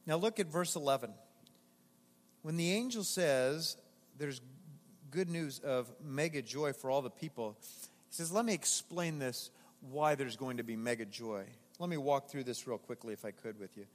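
A man preaching a sermon to his congregation, animated and emphatic, inviting them to respond aloud. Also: mid-range voice, moderate pace, long reverb tail. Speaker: pastor. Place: church sanctuary.

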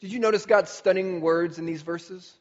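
A man preaching a sermon as pastor, animated and emphatic, full of rhetorical questions. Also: sits high, moderate pace. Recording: dull recording with long hall reverb.

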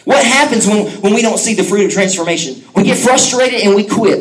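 A middle-aged pastor delivers an animated sermon in a high, lively voice. He mixes earnest exhortation with playful, joking asides to the congregation. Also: crowd noise, rough recording. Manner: lively, animated preaching with quick asides and humor.

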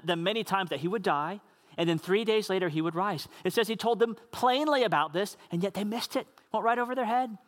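A man's voice: high voice, fairly bright tone. A man preaching a sermon in an earnest, conversational way, with casual asides to the congregation. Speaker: pastor.

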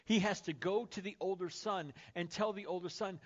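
High-voiced casual preaching man. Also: lively intonation, normal speed, hardly any pauses. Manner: casual, conversational preaching with asides to the congregation. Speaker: pastor. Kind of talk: sermon. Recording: dull lo-fi sermon recording.

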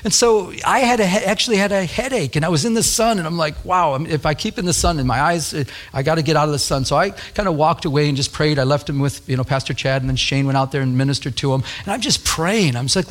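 A male pastor preaching in a storytelling sermon, his voice sitting a bit higher than most men's. He talks earnestly and conversationally and gets animated as he tells the story. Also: fast, hardly any pauses.

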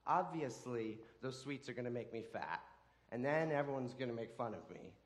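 A man's voice: mid-range voice, expressive, moderate pace, close to an everyday voice. A man voicing a sulking boy who whines and complains. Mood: whiny. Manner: whiny, complaining. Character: sulking, whiny pessimist boy.

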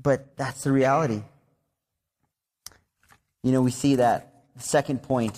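A man preaching a sermon as a pastor, talking to his church in a conversational way, with restarts and repeated words and bursts of animated storytelling. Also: mid-range voice, takes it slowly, long pauses. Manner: animated storytelling with excited outbursts.

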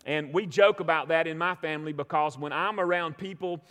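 A middle-aged Southern preacher with a fairly high voice that carries a long reverb through the sanctuary. He drives his points home with repetition and drops in asides like "amen?" and "all right?" to pull the congregation along. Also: brisk, fairly bright tone. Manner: preaching with emphatic repetition and call-and-response asides. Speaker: pastor. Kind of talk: sermon. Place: church stage.

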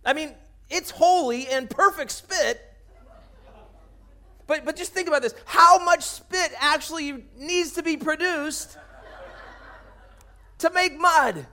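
A man's voice: very high voice, slow pace, long pauses, sharp tone. A man preaching a sermon, telling the story in a jokey way and acting out the characters' lines as he goes. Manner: jokey, laughs at his own jokes. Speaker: pastor.

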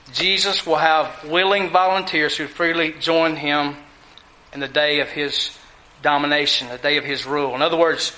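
A man preaching a sermon to a congregation, with deliberate emphasis and frequent rhetorical questions. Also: on the high side, sharp tone, echoey room, low-quality recording.

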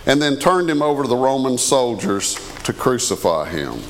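Animated preacher in a reverberant hall. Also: male voice, medium pitch, normal speed, slight background noise. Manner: animated, conversational preaching with questions to the congregation. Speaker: pastor. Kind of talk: sermon.

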